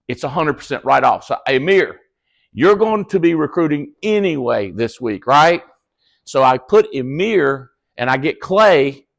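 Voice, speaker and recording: A man with a drawl talks to his team in a loose, folksy way, blunt and quick to curse or laugh. His voice sits a bit high and carries a gravelly, fry-heavy edge. It sounds like a casual motivational talk. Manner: animated storyteller, acts out quoted dialogue in high excited voices. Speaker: business leader speaking to his team. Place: cabin event room with a live audience.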